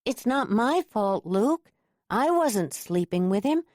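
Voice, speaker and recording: A woman's voice: on the high side, sing-song, takes it slowly, a little mellow, no room sound, studio quality, pitched above the performer's own voice. A woman voicing a young woman who is jealous and insistent, talking in a pleading, defensive way.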